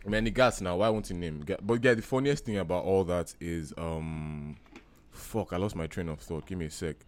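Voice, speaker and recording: A man's voice: sits low, moderate pace. A man co-hosting a podcast in casual chat, laid-back and swearing, sometimes losing his train of thought. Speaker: podcast co-host.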